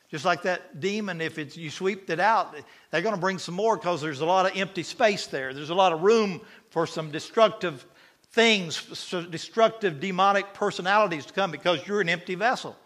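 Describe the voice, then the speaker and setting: A man preaching an impassioned sermon, swinging from loud to hushed and asking the congregation questions. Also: high-pitched.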